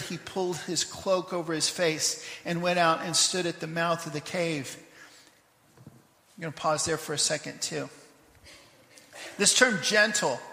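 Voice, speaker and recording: A man preaching a sermon in church, reading scripture with rising intensity and dropping into quick asides. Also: sits high, bright, forceful tone. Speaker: pastor. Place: church sanctuary. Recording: echoey church livestream.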